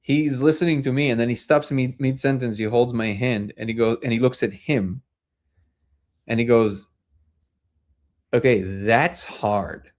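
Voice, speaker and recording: A man hosts a casual live discussion, his voice sitting at an ordinary middle pitch. He rambles through his stories, circling back with fillers and restarts. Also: fairly even intonation, moderate pace, darkish tone. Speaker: host.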